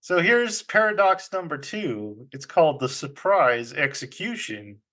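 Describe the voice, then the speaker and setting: A man hosting a casual group podcast, telling puzzles to his friends in an unhurried way and laughing often. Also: a little high, very animated, bright, forceful tone. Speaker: podcast host.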